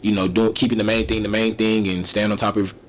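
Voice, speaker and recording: Easygoing young man with a low voice. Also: quick pace, slight background noise. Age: young adult. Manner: relaxed, easygoing, laughs often, many you-knows. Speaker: interview guest. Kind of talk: casual interview answers.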